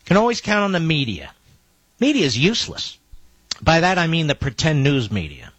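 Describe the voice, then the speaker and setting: A man's voice: a little high, wildly swooping pitch, moderate pace, fairly bright tone, slightly rough, no echo, highs cut off. A man hosting live talk radio, relaying a police scanner with emphatic, indignant commentary and repeated phrases.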